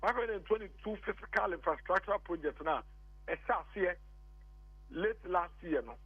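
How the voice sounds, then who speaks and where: A man's voice: sits high, normal speed, slightly rough, no room sound. A Ghanaian man arguing politics as a radio guest, insistent and repetitive, switching between English and Twi. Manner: insistent, repeats points, mixes English and Twi. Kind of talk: heated political argument on a phone-in. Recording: tinny phone line, dry.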